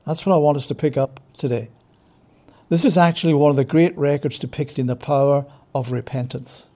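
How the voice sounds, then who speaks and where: A man teaching scripture as a preacher, with a mellow, somewhat high voice. He stretches words slowly to stress them. He fires off rhetorical questions and answers them himself. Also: fairly even intonation. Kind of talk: expository Bible teaching.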